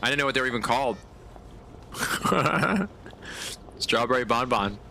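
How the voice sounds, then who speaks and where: A man's voice: mid-range voice, expressive, unhurried, vocal fry, sharp tone, slight background noise. A man giving casual gameplay commentary as a streamer, in laid-back slang with chuckling asides. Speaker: game streamer.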